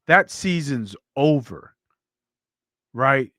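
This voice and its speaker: A man hosting a sports podcast, talking football in a blunt, animated way that swears freely. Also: medium pitch, a little slow, no echo, clean studio sound. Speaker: podcast host. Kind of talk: casual sports talk.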